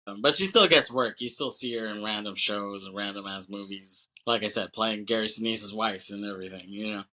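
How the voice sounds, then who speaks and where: A man's voice: on the low side, fairly quick, bright, forceful tone. A man co-hosting a movie podcast, chatting casually and rambling as he swears and acts out scenes. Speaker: podcast co-host.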